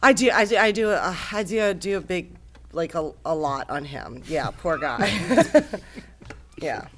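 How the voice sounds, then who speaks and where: A woman comedian chatting as a podcast guest, telling animated stories and laughing often. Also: lowish voice, measured pace, slight background noise. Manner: animated storyteller, laughs often, loud bursts. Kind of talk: casual podcast chat. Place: podcast studio.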